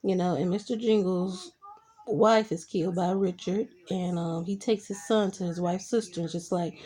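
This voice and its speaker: Woman, young adult, chatty TV recap, husky voice, reaction asides. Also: fairly low pitch, moderate pace, warm tone. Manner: chatty retelling full of "I'm like" reaction asides. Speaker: TV show reviewer. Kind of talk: casual recap vlog.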